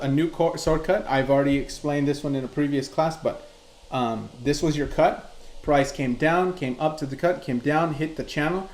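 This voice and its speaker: A man's voice: medium pitch, darkish tone. A man hosting a live crypto chart class, reading chat messages aloud and explaining charts in a loose, conversational way. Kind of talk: live-streamed chart tutorial. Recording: roomy echo.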